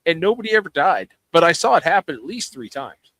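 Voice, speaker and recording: A man's voice: a little high, sing-song, brisk, fairly bright tone, no echo. A man co-hosting a podcast, recounting a story bluntly with plenty of swearing. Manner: blunt, profane anecdote-telling. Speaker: podcast co-host. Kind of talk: casual storytelling chat.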